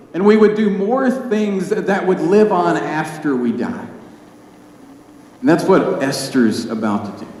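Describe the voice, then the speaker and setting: A man preaching a sermon in earnest tones with dramatic pauses. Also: fairly high pitch, darkish tone. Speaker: pastor. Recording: echoey hall with faint noise.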